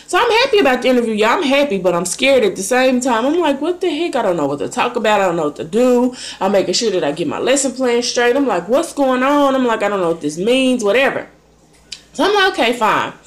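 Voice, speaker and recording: Young woman telling an animated story. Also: medium pitch. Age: young adult. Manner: animated, dramatizes her own thoughts with voice shifts. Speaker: vlogger. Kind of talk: casual storytelling to camera.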